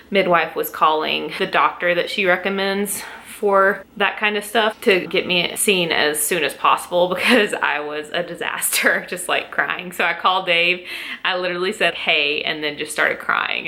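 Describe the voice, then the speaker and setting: A woman's voice: fairly low pitch, sharp tone. A young adult woman telling a pregnancy story at home in a casual vlog, emotional and close to tears, laughing between lines. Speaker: vlogger.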